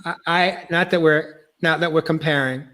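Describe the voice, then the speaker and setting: Man, podcast host, slightly high voice, earnest, halting, choked up. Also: fairly even intonation, sharp tone. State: choked up, near tears. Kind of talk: emotional personal testimony.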